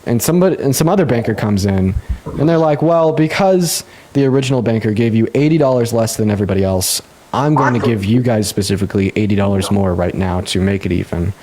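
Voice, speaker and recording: A young man hosts a casual livestream debate in a quick, loose way. He laughs often, swears freely and his voice leaps sharply upward whenever he gets excited. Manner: fast, laughing, swears a lot, jumps high in pitch when excited. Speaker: livestream host.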